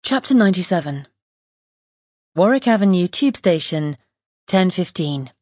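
Low-voiced woman narrating. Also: lively intonation, measured pace, a little mellow, dry recording, clean studio sound. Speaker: audiobook narrator. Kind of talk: scripted first-person narration.

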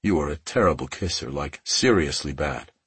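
A man voicing a tender, protective immortal lover, speaking softly and gently. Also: extremely low pitch, animated, normal speed, slightly rough, dry recording, full character voice.

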